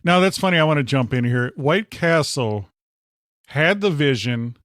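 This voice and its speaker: A man's voice: on the high side, animated, moderate pace, fairly bright tone, no echo, studio quality. A man co-hosting a podcast, joking through a food review with playful hyperbole and frequent interjections. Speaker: podcast co-host. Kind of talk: casual food review chat.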